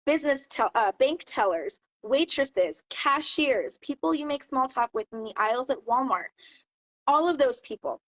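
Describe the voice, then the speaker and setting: A mom talking casually to camera, giving business tips and acting out lively quoted exchanges. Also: female voice, high-pitched, low-quality recording. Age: adult mom. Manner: chatty, animated storyteller acting out quotes. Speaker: jewelry seller and channel host. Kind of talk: casual advice talk to camera.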